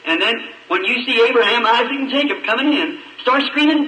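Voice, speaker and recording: A man's voice: extremely high pitch, expressive, brisk, pushed and bright. A man preaching an emotional testimony sermon, pleading, his voice rising and breaking. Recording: echoey archive sermon recording from far off, with faint noise.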